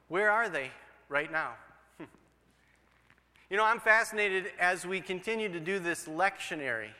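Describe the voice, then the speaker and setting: A male pastor delivering a sermon, telling stories and acting out the people in them. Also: sits high. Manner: storytelling with animated voices for quoted people. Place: church sanctuary. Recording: reverberant sanctuary.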